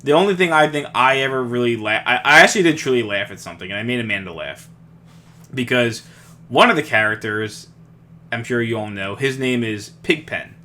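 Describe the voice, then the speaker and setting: A man's voice: medium pitch, a little fast, bright, forceful tone. A young man co-hosting a podcast in casual chat, rambling with restarts and frequent laughs. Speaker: podcast co-host.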